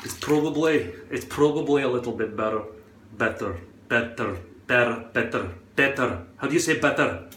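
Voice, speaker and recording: A man's voice: medium pitch, moderate pace, fairly bright tone, echoey room, slight background noise. A man doing a playful put-on Scottish accent, swearing now and then, while casually explaining how to attach a hairpiece in front of a mirror at home. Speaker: hairpiece vlogger.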